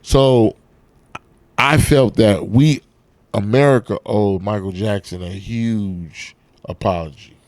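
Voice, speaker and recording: A man, an actor and comedian, telling profane, animated stories in a casual interview backstage at a comedy club. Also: lowish voice, slow, dry recording. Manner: profane, animated storytelling with acted-out quotes.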